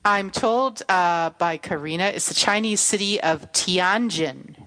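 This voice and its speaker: A woman hosting a casual chat show, reading out chat messages and reacting quickly. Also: on the low side, a bit bright. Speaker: podcast host.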